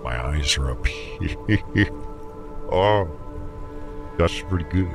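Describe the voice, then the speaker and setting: A man's voice: deep voice, expressive, extremely slow, gravelly, pauses often. A man reading game text aloud and reacting to it, casual, swearing freely and tripping over words. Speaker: let's play gamer. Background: game music.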